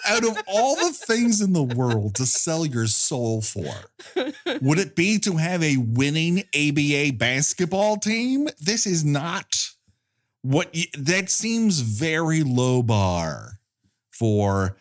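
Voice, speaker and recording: A man's voice: a little high, big pitch swings, slow. A man co-hosting a casual movie review chat, wry and laughing often as he retells scenes. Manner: wry, laughing, acts out silly quotes. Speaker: podcast co-host.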